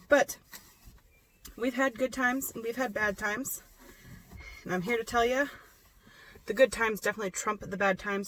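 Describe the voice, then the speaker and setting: A woman in her twenties, chatty and self-mocking, telling a casual story about her own life for a vlog. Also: mid-range voice. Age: 20s. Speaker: vlogger.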